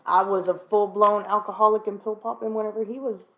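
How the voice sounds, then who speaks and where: A woman, a mother, speaking frankly and openly in a candid sit-down conversation with her sister, often laughing and clearing her throat. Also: mid-range voice, steady tone, brisk. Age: adult, mother of a child. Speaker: sister sharing her recovery story. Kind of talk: candid conversation about addiction.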